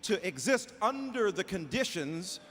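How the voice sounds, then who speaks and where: Fired-up high-voiced man orating. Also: big pitch swings, unhurried. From Detroit, Michigan. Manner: fiery preacher-like cadence, repeats phrases, shouts. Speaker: panelist. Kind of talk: impassioned public speech. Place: large auditorium before live audience. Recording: echoey hall with faint noise.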